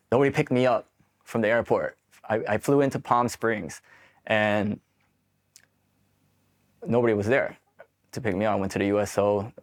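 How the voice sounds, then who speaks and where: A man in his forties from Queens, New York, telling his own military stories in a candid, swearing, casual way. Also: on the low side. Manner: candid, profane, acts out quoted exchanges. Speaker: Marine veteran guest. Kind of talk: casual storytelling interview.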